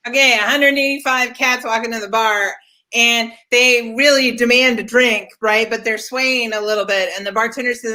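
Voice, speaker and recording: A woman's voice: on the high side, fairly even intonation, moderate pace, bright, forceful tone. A woman telling improvised bar jokes in an online comedy match, playful in her storytelling, over a video call. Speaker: improv player.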